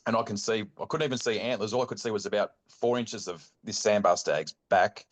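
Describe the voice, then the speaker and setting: Middle-aged Australian male guest, low-pitched, loose and animated storyteller. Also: brisk. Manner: rambling, animated anecdote telling with many fillers. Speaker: guest, bowhunting club chairman. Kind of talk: casual storytelling chat.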